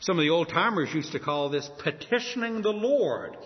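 A man preaching a sermon with a lively, sweeping delivery, leaning hard on key words and drawing them out. His voice is fairly high for a man. It rings with a long hall reverb on a dull, muffled recording. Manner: emphatic, slows and rises on key words.

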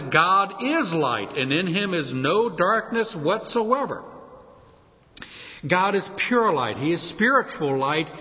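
A man's voice: high voice, in a large hall, highs cut off. A man preaching a sermon, emphatic, stressing quoted scripture. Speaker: pastor.

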